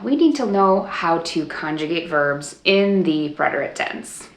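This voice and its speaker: A woman teaches a Spanish lesson, carefully sounding out each verb form for students to repeat. Her voice sits a little low and has a gravelly fry to it, and it rings in an echoey room. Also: a bit bright. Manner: clear, slow modeling of Spanish forms for repetition. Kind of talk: video language lesson.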